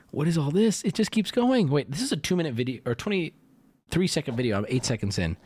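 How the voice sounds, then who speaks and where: A man giving casual livestream commentary for his chat, sarcastic and animated, now and then breaking into mock shouting. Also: a little high, a little fast, breathy edge, no echo. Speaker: streamer reacting to messages for chat.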